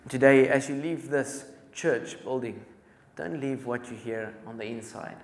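A man's voice: medium pitch, unhurried. A man preaching a sermon in a church, telling a story with urgency and repeated phrases. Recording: echoey church hall.

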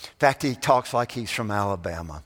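Slow-spoken preacher in a reverberant hall. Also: male voice, lowish voice. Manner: storytelling, swelling loud then dropping to a hush. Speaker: pastor. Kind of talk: sermon. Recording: long reverb of a large hall.

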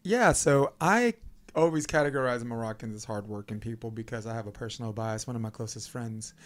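A man's voice: mid-range voice, a little fast. A man with a Brooklyn accent hosting a podcast interview, loose and joking, swearing and laughing as he talks. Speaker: podcast host. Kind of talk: casual interview chat.

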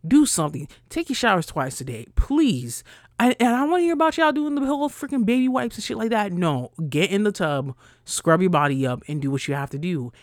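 A young woman from New ranting bluntly as a podcast host, swearing freely and her voice jumping loud and high when she gets riled. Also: sing-song, brisk, dry recording, clean studio sound. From New York, USA. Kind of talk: casual ranting monologue.

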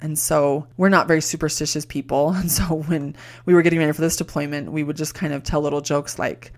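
A woman's voice: sits low, level tone, quick pace, few pauses, a little mellow. A woman hosting a podcast, telling a personal story in a chatty, self-deprecating way with lots of filler words. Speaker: podcast host.

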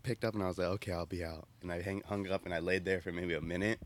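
A young man with a fairly low voice tells a story among friends. He talks in a relaxed, animated way and acts out what everyone said. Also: fast. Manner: animated, acts out quoted dialogue. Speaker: podcast co-host.

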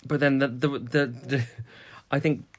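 A man co-hosting a podcast, cheeky and quick with comebacks in casual chat. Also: mid-range voice, steady tone. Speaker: podcast co-host.

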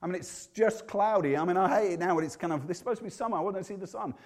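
A man's voice: high-pitched, fast talker. A man with a Yorkshire accent preaching a sermon in a conversational, humorous way, often restarting his sentences.

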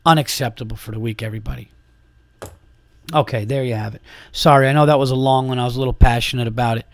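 A man's voice: medium pitch, fairly even intonation, very fast, dry recording. A man hosting a podcast, delivering an exasperated, profane monologue in a casual ranting way. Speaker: podcast host and comedian.

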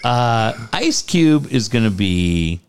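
A man's voice: medium pitch, very animated, takes it slowly, clear, resonant tone. A man co-hosting a sports podcast in casual, blunt and profane talk. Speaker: podcast co-host.

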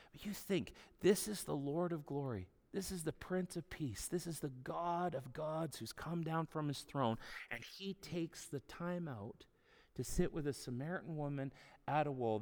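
A man's voice: a little high, long reverb tail. A man preaching a sermon in a conversational, humorous storytelling way. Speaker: pastor.

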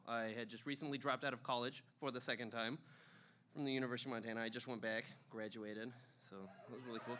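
A man's voice: medium pitch, bright, forceful tone, slight background noise. Rambling young man spinning a stage story. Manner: rambling, full of ums and uhs, chuckling. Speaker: storyteller at a live show. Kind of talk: live comedic storytelling.

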